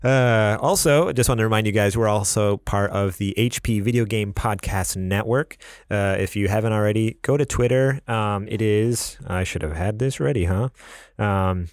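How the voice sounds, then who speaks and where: A man's voice: lowish voice, moderate pace, no echo, clean studio sound. A young man from the US West Coast co-hosting a podcast, telling stories in a chatty way with frequent laughs. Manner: chatty, laughs often, self-deprecating. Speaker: podcast co-host. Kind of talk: casual podcast storytelling.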